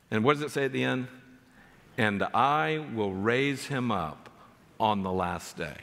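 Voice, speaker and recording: A man's voice: medium pitch, animated, unhurried, creaky, a bit bright. A man pastor preaching a sermon in a church, reading scripture aloud with earnest emphasis. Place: church sanctuary. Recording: long reverb of a church hall.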